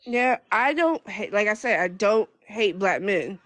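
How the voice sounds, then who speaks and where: A young woman speaking as a guest in casual chat, with a stutter that breaks her speech into halting restarts. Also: medium pitch, animated, a bit bright, no echo.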